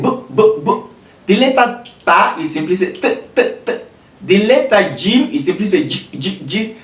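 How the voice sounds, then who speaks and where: A patient teacher walks beginners through letter sounds at an unhurried pace, saying each sound again and again. The voice moves up and down lively. It is heard from a little distance in an echoey room. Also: mid-range voice. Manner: patient, repeats each sound many times. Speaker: Arabic teacher. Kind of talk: slow beginner lesson with repeated sounds. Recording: roomy echo, voice away from mic.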